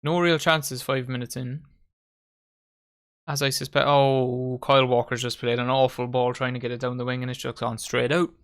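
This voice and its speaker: A man hosts a live match watchalong at a medium pitch. He calls the play in a casual, chatty way and banters with his mates and viewers as the game unfolds. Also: little pitch movement, normal speed, fairly bright tone, clear, resonant tone. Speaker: watchalong host.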